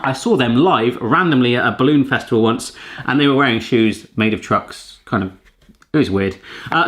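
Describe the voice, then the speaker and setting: Testing kitchen gadgets for a laid-back vlog, a man with a somewhat high, slightly bright voice chats directly with viewers in a playful, jokey way.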